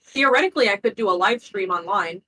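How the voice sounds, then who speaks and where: A woman playing a tabletop game, excitable and quick to swear and yelp in surprise. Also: mid-range voice. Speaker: player. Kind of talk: tabletop role-play chat.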